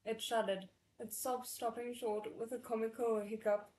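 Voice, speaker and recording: A woman reading a novel aloud for her channel, often breaking off to react with excited, chatty comments. Her voice sits fairly high. The room around her is noticeably echoey. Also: moderate pace, a little hiss or hum. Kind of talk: readalong narration with chatty asides.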